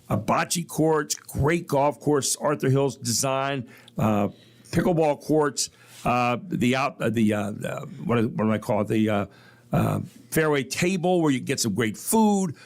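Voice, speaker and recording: A man's voice: medium pitch, normal speed, no echo. A man with a mid-range voice hosts a talk radio show from a downtown studio. He talks in a folksy, upbeat way and rambles through ad reads and promos.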